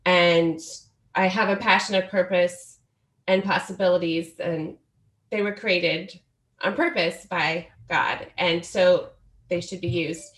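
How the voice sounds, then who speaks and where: A woman's voice: lowish voice, fairly even intonation, takes it slowly, a bit bright, roomy sound. A woman in her forties, a guest author telling her story in an earnest, reflective way during a podcast interview. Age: 40s.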